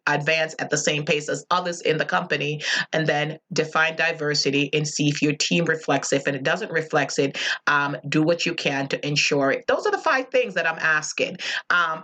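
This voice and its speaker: A woman's voice: low voice, bright, forceful tone. A woman from Jamaica with a slight Jamaican accent, talking earnestly and reflectively in a solo podcast, with many fillers. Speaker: podcast host. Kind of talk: casual solo podcast monologue.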